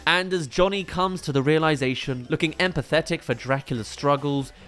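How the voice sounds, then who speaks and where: Male film reviewer, enthusiastic, analytical commentary, fairly high voice, faint music behind. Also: brisk, fairly bright tone.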